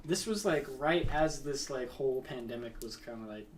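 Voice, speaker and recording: A man's voice: mid-range voice, lively intonation, moderate pace, recorded from a distance, a little hiss or hum. A young man chatting casually, joking and laughing in teasing banter. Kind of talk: casual chat.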